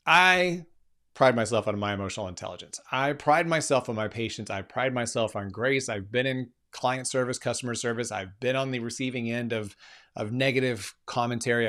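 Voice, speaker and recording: A man's voice: medium pitch, a bit bright. A man, a keynote speaker and coach, telling a story in an impromptu live session, earnest and emphatic, often restarting phrases.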